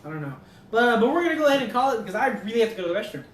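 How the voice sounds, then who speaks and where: A man's voice: very high-pitched, rapid-fire. A man co-hosting a podcast, telling a story casually, laughing and swearing a lot. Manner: animated, profane, laughing storyteller. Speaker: podcast co-host. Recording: roomy echo, distant mic, faint noise.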